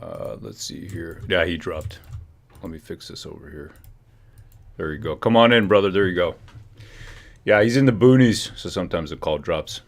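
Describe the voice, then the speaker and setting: A man's voice: low voice, expressive, normal speed, long pauses. A man hosting a casual livestream, joking and teasing, humming and muttering to himself while he works at his computer. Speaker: livestream host.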